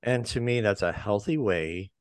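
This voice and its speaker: A man co-hosting a conversation show, with a somewhat low voice. He speaks in a measured, reflective way and asks thoughtful questions. The recording is dry and close. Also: no room sound. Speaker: podcast co-host. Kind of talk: casual conversation.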